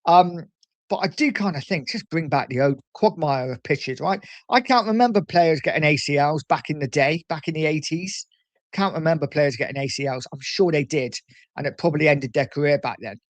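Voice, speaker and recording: Man, casual livestream host, fairly high voice, dry close sound, chatty, says mate a lot. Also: fairly quick, no room sound. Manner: chatty, calls viewers mate. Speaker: livestream host reading chat. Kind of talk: casual chat.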